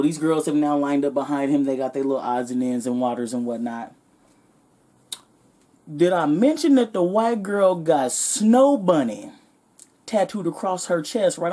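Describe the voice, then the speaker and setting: A woman vlogger telling a comedic story in a sassy, animated, profane way. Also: low-pitched, moderate pace.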